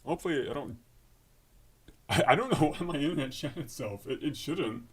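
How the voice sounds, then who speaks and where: A man's voice: on the high side, animated, normal speed, husky. A man hosting a casual live coding stream, thinking aloud with fillers and restarts. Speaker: livestream host.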